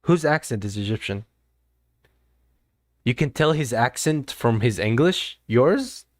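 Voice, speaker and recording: A man's voice: mid-range voice, animated, measured pace, no room sound, studio quality. A man streaming live, talking to his chat in an earnest, lecturing way and often repeating himself. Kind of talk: casual livestream talk to chat.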